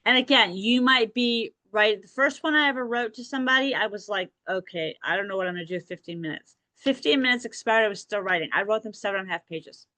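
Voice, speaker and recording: A woman's voice: medium pitch, fast talker, hardly any pauses, bright, forceful tone, no echo. A woman hosting a podcast, talking directly and encouragingly to listeners and often checking in with "okay?". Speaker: podcast host. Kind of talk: motivational podcast talk.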